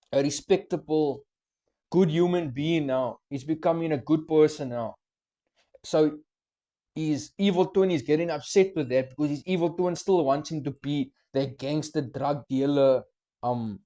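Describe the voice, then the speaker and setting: A young man, reacting to a rap track and eagerly explaining the lyrics in casual, slangy talk. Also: a little high. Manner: excited, explains lyrics, mixes slang and swearing. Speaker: music reaction host.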